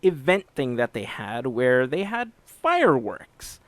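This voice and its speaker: A man's voice: medium pitch, big pitch swings, slow pace, a bit bright, no room sound. A middle-aged man hosting a podcast, reading announcements and then chatting casually, telling stories in an upbeat way. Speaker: podcast host.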